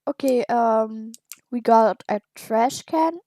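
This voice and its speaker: A woman commenting on her own gameplay, excitable and giggly, with quick reactions. Her voice is high. She talks at a slow, unhurried pace. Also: no room sound, clean studio sound. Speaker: gamer.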